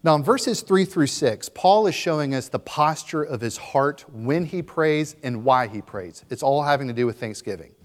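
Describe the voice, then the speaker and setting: A man's voice: fairly high pitch, moderate pace, few pauses, in a large hall. A young man preaching a sermon, shifting between casual asides and impassioned readings of scripture. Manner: animated preaching, voices scripture passages with rising intensity; conversational asides with fillers. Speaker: pastor.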